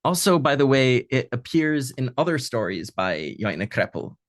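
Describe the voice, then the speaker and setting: A man who translates old pulp fiction, giving an online talk in a thoughtful, hesitant way with many pauses and fillers, heard over a video call. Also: mid-range voice, very animated, no room sound, clean studio sound. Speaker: translator leading a community reading. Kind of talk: online lecture with reading.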